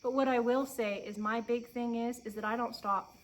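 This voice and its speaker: A woman's voice: fairly high pitch, steady tone, rough recording. Emotional woman on her farm. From Oregon. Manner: earnest, encouraging, pauses and restarts often. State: emotional, near tears. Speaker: homestead vlogger. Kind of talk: heartfelt sit-down chat to camera. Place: outdoors on a farm. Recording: faint outdoor insect noise.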